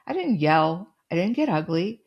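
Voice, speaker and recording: A middle-aged woman hosting a podcast, telling a personal story and giving advice in a calm, firm, direct way. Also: lowish voice, normal speed, vocal fry, highs cut off. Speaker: podcast host.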